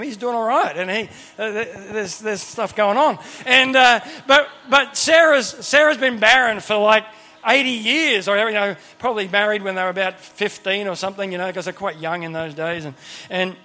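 A man preaching a sermon to a crowd, a lively storyteller who acts out Bible characters and adds humorous asides and questions to the audience. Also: sits high. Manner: speaks to a crowd with frequent questions.

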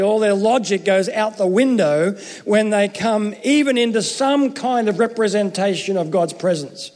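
A man's voice: sits high, a little mellow, big-room sound. A man giving a Christmas sermon as pastor, chatty and joking, often restarting his sentences. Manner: conversational, jokey, self-interrupting.

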